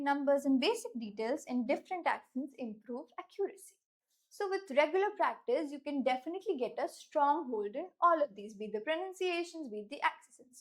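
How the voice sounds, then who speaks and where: High-pitched Indian English teacher. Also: female voice. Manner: clear, deliberate, slows down to stress key words. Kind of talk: instructional lesson.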